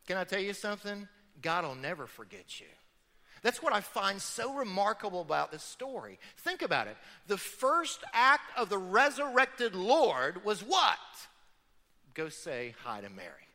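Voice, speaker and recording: High, animated middle-aged pastor preaching. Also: male voice, a little slow. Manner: emphatic preaching with rhetorical questions. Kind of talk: sermon. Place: church sanctuary. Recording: long church hall reverb.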